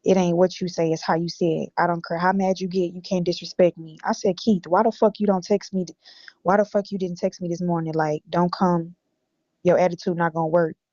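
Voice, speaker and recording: A woman's voice: fairly low pitch, fairly even intonation, fast, mellow, no room sound. A woman from Illinois bluntly reading her text messages aloud on a stream, with a lot of profanity. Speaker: guest recounting text messages. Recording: dull lo-fi audio.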